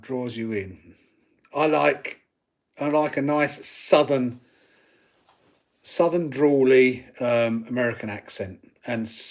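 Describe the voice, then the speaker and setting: A man's voice: mid-range voice, gravelly, fairly bright tone. A man hosting a live stream, casually chatting and reading out viewer comments while he works on his gear. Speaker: channel host.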